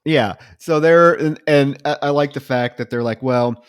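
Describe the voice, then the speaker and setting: A man's voice: on the high side, moderate pace, clear, resonant tone, no room sound, studio quality. A man co-hosting a casual film podcast, recapping the plot at length in a loose, chatty way. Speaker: podcast co-host.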